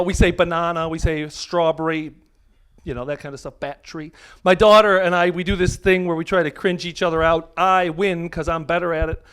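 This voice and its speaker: Brash high-voiced American comic, loud crowd. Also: male voice, very noisy. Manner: brash, crude punchline delivery. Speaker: stand-up comedian. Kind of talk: stand-up comedy set. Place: comedy venue stage before a live audience. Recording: live set drowned by loud crowd laughter.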